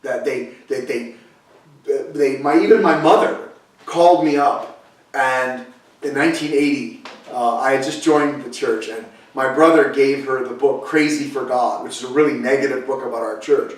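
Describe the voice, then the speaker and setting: Older pastor in an echoey hall. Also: male voice, medium pitch, moderate pace, far from the mic. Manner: storytelling, chatty asides and restarts. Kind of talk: conversational sermon. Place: church sanctuary, echoey room. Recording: echoey room, voice from off-mic.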